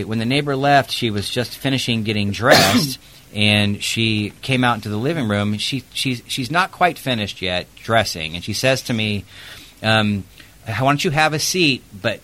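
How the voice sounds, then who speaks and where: A man who works as a protective services investigator tells a work story during a chatty interview, using plenty of fillers. His mid-range voice is bright and forceful.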